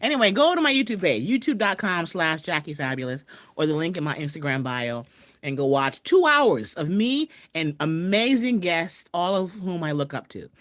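A woman comedian with a lowish, slightly bright voice hosts a live stream, very animated and talking at normal speed. She chats casually straight to viewers and greets guests over a webcam video call, with clean, echo-free studio sound.

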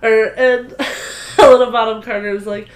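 A woman co-hosting a podcast in casual chat, animated, laughing often and acting out quoted lines. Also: a little high, moderate pace. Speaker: podcast co-host. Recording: roomy echo.

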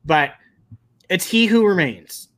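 Slow-talking excitable podcast host. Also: male voice, high voice. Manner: excitable, rambling with restarts. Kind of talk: casual pop-culture chat.

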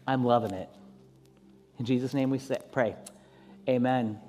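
A man's voice: a little slow, in a large hall, soft background music. A man preaching as a pastor, then leading an impassioned prayer that swells at its peaks. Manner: impassioned prayer, rising high and loud at peaks. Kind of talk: sermon closing and prayer.

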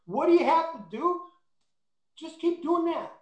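A man's voice: very high voice, expressive, measured pace. A man preaching a sermon in an emphatic way, rising to fervent peaks. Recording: echoey room.

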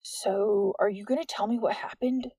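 A woman's voice: fairly high pitch, expressive, brisk, mellow, dry recording. A woman reading the part of an earnest, worried teenage boy in an audiobook, with urgent, anxious questions.

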